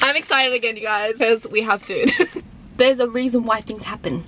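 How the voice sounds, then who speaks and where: A woman's voice: on the high side, normal speed, fairly bright tone, a little hiss or hum. A woman chatting casually to her viewers from inside a car, giggly and easily flustered. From Australia. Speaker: vlogger. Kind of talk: casual vlog. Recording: background music under the voice.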